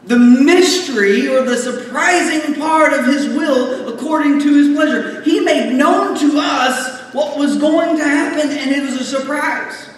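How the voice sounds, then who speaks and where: A man with a high voice preaching a conversational sermon with jokes and asides, taking his time between phrases. He sounds far from the mic in a large hall, with long reverb ringing around him and faint room noise behind. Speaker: pastor.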